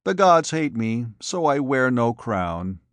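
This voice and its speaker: A man's voice: medium pitch, very animated, takes it slowly, dry recording. A man voicing a bold, proud young gladiator in a storybook reading.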